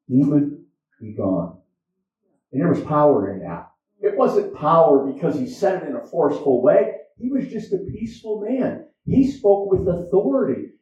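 High-voiced man preaching in an echoey church. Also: warm tone. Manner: conversational, repetitive preaching. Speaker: pastor. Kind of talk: sermon. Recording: echoey, dull sound from far off.

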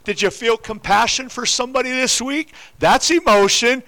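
A man's voice: very high-pitched, moderate pace, pushed and bright. An older man preaching a sermon to his congregation, repeating rhetorical questions. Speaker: pastor. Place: church.

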